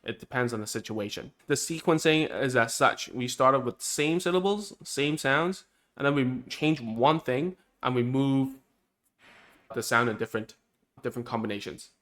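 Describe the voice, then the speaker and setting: A man's voice: mid-range voice, normal speed, a bit bright. A speech therapist explaining speech-disorder treatment steps in a casual, conversational way, often tagging lines with "right?" and "man". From Cantonese-speaking Chinese community. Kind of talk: casual teaching talk.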